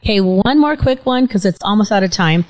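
A woman's voice: mid-range voice, lively intonation, fairly quick, a little mellow, poor audio. A middle-aged woman hosting a casual interview show, telling stories in a chatty way with an occasional stutter. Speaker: talk show host.

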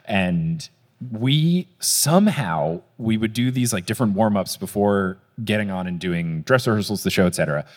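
A man's voice: lowish voice, animated, normal speed. Chatty young man hosting a live show. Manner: casual, chatty storytelling with frequent "like". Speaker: podcast host. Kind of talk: live podcast chat on stage. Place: live stage show before an audience. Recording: reverberant live venue.

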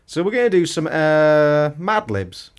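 A man in casual podcast chat, jokey and quick with quips. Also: fairly high pitch, sing-song.

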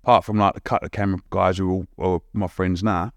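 A man's voice: low voice, fairly even intonation, fast talker, few pauses, no room sound. A young man, a podcast guest telling stories in a chatty way, full of slang, banter and laughter. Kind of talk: casual storytelling.

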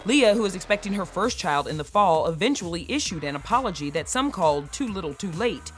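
A woman's voice: fairly low pitch, expressive, a little fast, faint music behind. A woman entertainment news anchor reading scripted stories with emphatic delivery.

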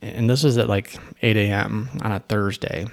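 A man's voice: on the low side, fairly even intonation, normal speed, vocal fry. A man who owns an agency, telling a story in a casual, rambling way with asides and restarts. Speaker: agency owner.

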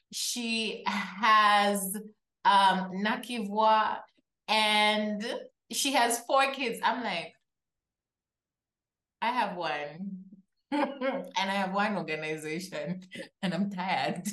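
A woman's voice: mid-range voice, extremely slow, a bit bright, reverberant. A woman hosting a podcast interview in a chatty, playful way, speaking to her listeners directly. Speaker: podcast host. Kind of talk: casual interview chat.

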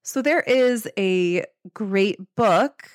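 A woman's voice: medium pitch, lively intonation, drawn-out words, no echo. Chatty upbeat woman, close and dry. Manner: upbeat, chatty, many "like"s and laughs. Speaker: podcast host and life coach. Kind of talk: casual motivational talk.

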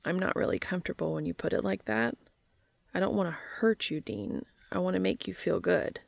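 A deep, gravelly-voiced serious man, as a woman reads him aloud, speaking low, slow and deliberate. His tone stays earnest and tender, in a dry, close reading. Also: animated, no echo, exaggerated voice.

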